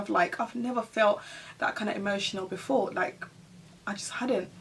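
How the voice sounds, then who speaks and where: A woman's voice: medium pitch, a bit bright, recorded from a distance, slight background noise. A woman in her thirties, a mother, chatting casually to her viewers in a Q&A tag video, laughing often. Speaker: vlogger.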